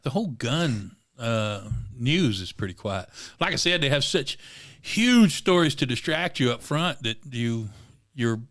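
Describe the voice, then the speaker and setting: A man's voice: medium pitch, big pitch swings, measured pace, a bit bright. A man co-hosting a podcast in casual chat, opinionated, talking in bursts with fillers. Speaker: podcast co-host.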